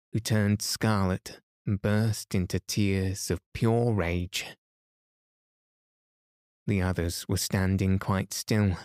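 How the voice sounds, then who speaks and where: A man reading a bedtime story aloud in a calm, soothing, unhurried way, as a sleep podcast host. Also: fairly low pitch, no echo, clean studio sound.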